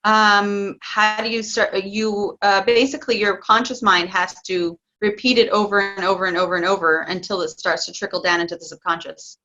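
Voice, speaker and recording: A woman coaching parents in a casual interview, chatty and excitable, laughing often. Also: mid-range voice, moderate pace, few pauses, highs cut off, soft background music.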